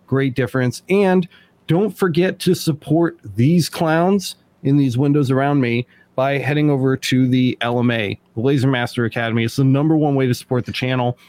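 A man's voice: mid-range voice, normal speed, darkish tone. A man hosting a casual podcast, rambling and joking with frequent restarts. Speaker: podcast host.

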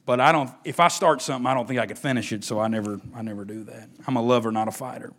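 A middle-aged man, preaching a sermon as pastor, swinging between emphatic rises and hushed near-whispers. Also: mid-range voice, racing.

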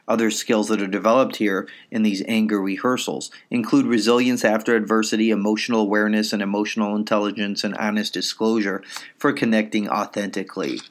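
Calm man explaining parenting on a podcast. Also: lowish voice, fairly quick. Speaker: psychologist podcast host. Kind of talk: educational parenting podcast talk.

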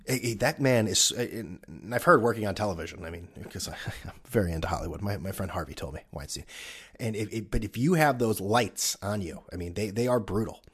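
A man's voice: fairly low pitch, animated, brisk, slightly rough. A man ranting casually about sports, rambling and sarcastic, swearing often.

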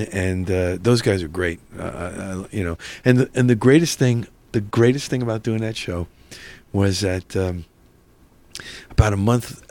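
A man's voice: on the low side, a little mellow. A middle-aged man from North Jersey, an actor guest telling anecdotes in a casual interview and acting out the dialogue. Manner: anecdotal, acts out quoted dialogue, many "you know"s.

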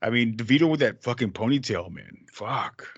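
A man chatting loosely about a film with friends, swearing freely and stumbling through restarts. His voice sits at an ordinary pitch. The recording sounds dull and dry, with no room around it. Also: expressive, normal speed, breathy edge, no echo. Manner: rambling, profane, quotes lines in playful voices. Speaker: podcast co-host. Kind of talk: casual movie discussion.

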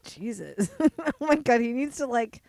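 Giggly lively young woman co-host. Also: fairly high pitch, creaky. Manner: giggly, quick reactions. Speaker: podcast co-host. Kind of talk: casual chat.

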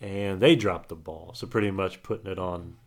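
Low-voiced man rambling casually. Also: normal speed. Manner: rambling, hesitant with many fillers. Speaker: podcast co-host. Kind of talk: casual sports chat.

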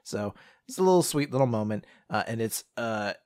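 A man's voice: on the low side, animated, a little fast, a little mellow. A man co-hosting a casual chat, recapping a story chapter in a rambling way, laughing often and acting out the characters' lines. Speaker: podcast co-host.

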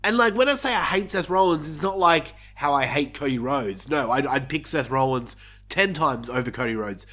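A man's voice: a little high, expressive, moderate pace, pushed and bright. Opinionated sick man ranting predictions. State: sick, coughing. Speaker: wrestling podcast host. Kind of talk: casual solo predictions rant.

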